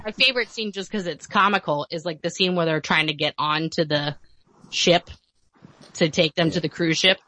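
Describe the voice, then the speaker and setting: A woman guest in casual podcast chat, animated in retelling scenes and quick to laugh, with kids of her own. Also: sits low, no room sound.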